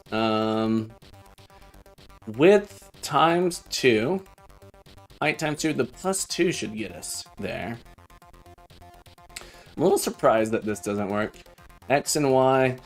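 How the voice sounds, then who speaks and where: A man live-streaming while he codes, chatting casually and thinking aloud as he debugs, with a self-mocking manner. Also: medium pitch.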